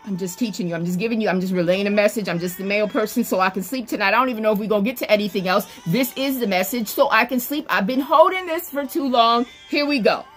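A woman's voice: mid-range voice, fast talker, hardly any pauses, faint music behind. A woman preaching an online sermon, emphatic and repetitive, calling on listeners by name.

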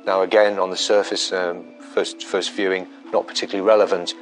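A man speaking as a police detective in a documentary interview. His voice sits very low, and he talks in a measured way with frequent ums and restarts while soft music plays behind him. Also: level tone, poor audio.

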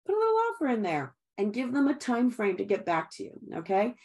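A woman's voice: a little high, huge pitch swings, fast, darkish tone. A middle-aged woman giving an upbeat sales training talk, chatty and encouraging, often laughing and calling her listeners guys.

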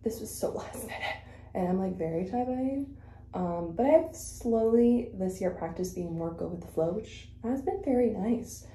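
A chatty vlogger whose first language is Spanish talks casually while doing her makeup in an echoey room, her mid-range voice animated and warm at a measured pace. She rambles with fillers and self-corrections and sounds a little out of breath.

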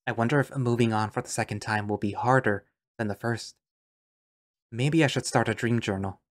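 A man's voice: medium pitch, moderate pace. A man narrating an audio drama in first person, musing and understated.

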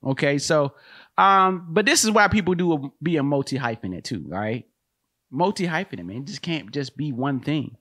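A man's voice: fairly high pitch, animated, normal speed, a bit bright, no room sound, clean studio sound. A man hosting a podcast, riffing comedically in a rambling way with lots of slang and laughter.

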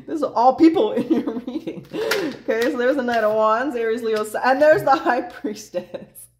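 A woman's voice: a little high, animated, normal speed, background noise. A woman doing a casual tarot reading in a blunt, chatty way, swearing freely and laughing often. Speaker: tarot reader.

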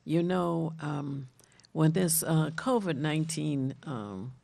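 Husky, gravelly woman co-hosting a talk show. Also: deep voice, slow pace. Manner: animated storyteller. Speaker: co-host and community organizer. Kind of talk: casual talk show chat.

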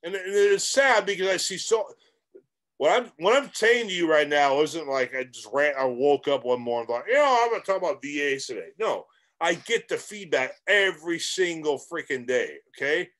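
A man's voice: fairly high pitch, moderate pace, a bit bright. A middle-aged man coaching real estate investors straight to camera, emphatic and rambling, with self-aware jokes. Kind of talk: direct-to-camera coaching monologue.

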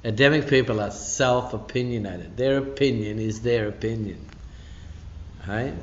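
A man's voice: fairly low pitch, a little slow, a little hiss or hum. A man pastor giving a midweek church teaching in a conversational, emphatic way, full of asides. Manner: conversational and emphatic, peppered with "you know". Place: church hall. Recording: dull echoey church recording.

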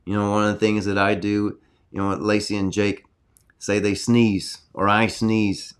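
A man preaching informally from his home study to an online audience, earnest and conversational, now and then raising his voice loudly for emphasis. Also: on the low side, little pitch movement, a little slow, clear, resonant tone.

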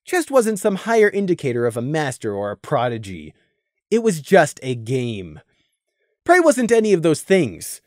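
A narrator reading a fan audiobook with expressive storytelling on a close mic. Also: medium pitch, normal speed, dry recording.

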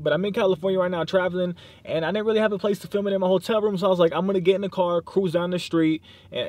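A man's voice: fairly high pitch, a little mellow, no echo. Slangy young man vlogging from his car. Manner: loose slangy rambling, heavy use of "like", cursing. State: tired, sleep deprived. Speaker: YouTube vlogger. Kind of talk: casual vlog talk to camera. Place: inside a parked car.

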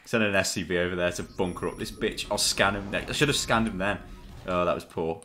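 A man's voice: low-pitched, a little fast, bright, forceful tone. Jokey man narrating his game. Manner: jokey, swearing, narrating his own moves. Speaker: streamer. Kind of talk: casual gaming commentary.

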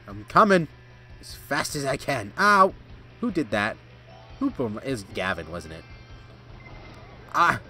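A man streaming live gameplay, reacting excitedly, yelling and laughing at the game. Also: medium pitch, slow pace, pauses often, faint music behind. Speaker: gaming streamer.

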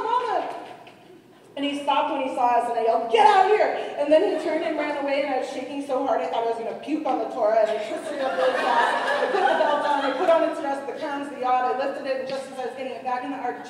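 Giggling woman reading a story in a hall. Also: high-pitched. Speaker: performer reading her fiction. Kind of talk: live reading of a comic story. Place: large conference hall with audience. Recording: echoey hall from far off, crowd noise. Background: audience laughter and murmur.

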